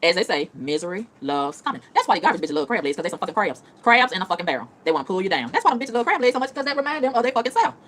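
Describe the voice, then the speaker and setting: A woman rattling off a profane rant at top speed, repeating lines for emphasis. Her pitch swoops up and down with lively energy. It is an unscripted, casual vlog delivery. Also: racing, few pauses. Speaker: vlogger.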